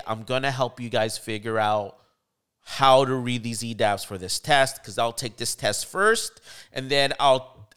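A man telling a story in casual chat on a podcast, acting out the people he quotes with sudden jumps in his voice. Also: clean tone. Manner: animated storyteller, acts out quotes with pitch jumps.

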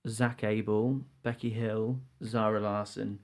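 A man's voice: on the low side, flat delivery, slow pace. A man hosting a podcast, chatty and friendly, teasing his guest as he talks. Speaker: podcast host. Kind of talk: casual interview chat.

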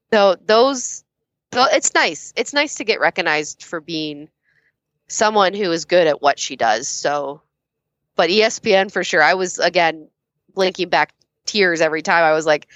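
A woman's voice: low voice, fairly bright tone, dry recording, lo-fi sound. A woman being interviewed as a guest judge, talking candidly, laughing often and swearing casually.

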